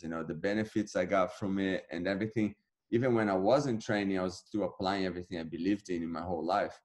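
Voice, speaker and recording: Low-voiced man telling an animated story. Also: fast. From Brazil. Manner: animated, acts out his own past dialogue. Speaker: interview guest, jiu-jitsu black belt. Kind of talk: casual storytelling.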